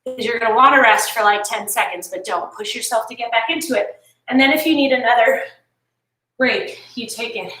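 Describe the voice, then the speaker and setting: A woman's voice: on the high side, a little fast, pushed and bright, far from the mic. A woman leading a home workout, chatty and encouraging, swapping stories between exercise cues, tired and yawning. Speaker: fitness instructor. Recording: echoey room, voice a bit off-mic.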